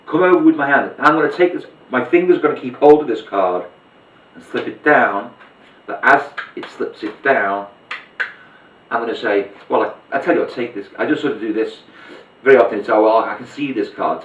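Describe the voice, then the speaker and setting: A low-voiced magician from Liverpool, England, teaches a card trick in a chatty demonstration tutorial, explaining each step while handling the cards. He sits well back from the mic in a roomy space, so the recording sounds dull and muffled, though his voice is a bit bright.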